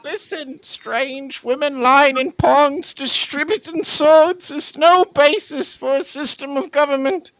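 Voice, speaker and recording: A man quoting an indignant peasant lecturing a king, in a put-on British accent, slow and lecturing. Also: very high-pitched, fairly even intonation, fairly bright tone, dry recording, voice pushed up, full character voice, rough recording. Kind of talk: quoting a comedy film.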